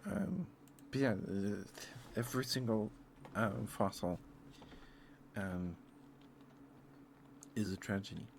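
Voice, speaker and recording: Low-voiced man rambling softly for ASMR. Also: lively intonation, takes it slowly, gravelly, pauses often, slight background noise. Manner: rambling, hesitant, many fillers; tender, easily moved. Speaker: ASMR streamer. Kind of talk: soft-spoken ASMR ramble.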